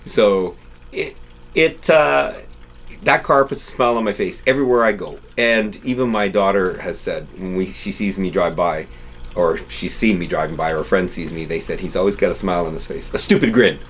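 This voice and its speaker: A middle-aged man hosting a car channel, telling rambling, animated stories in casual chat to camera. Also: sits low, normal speed, slight background noise. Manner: rambling, animated storytelling with restarts. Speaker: channel host. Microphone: camera-mounted mic, no lapel.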